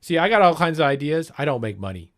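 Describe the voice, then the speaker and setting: A man's voice: fairly high pitch, sing-song, fast talker. A man hosting a livestream, reacting to a clip and riffing in a profane, jokey, rambling way. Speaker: livestream host.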